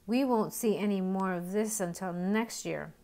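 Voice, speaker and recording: A woman's voice: medium pitch, normal speed, mellow, natural voice. A woman reading the part of a cranky rabbit in a children's storybook, in a grumbling, complaining way. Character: grumpy rabbit who dislikes spring.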